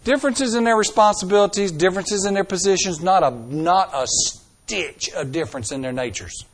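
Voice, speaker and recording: A middle-aged man preaching a sermon. He talks emphatically, with dramatic swings in loudness and pace, and asks the congregation rhetorical questions. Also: sits high, normal speed.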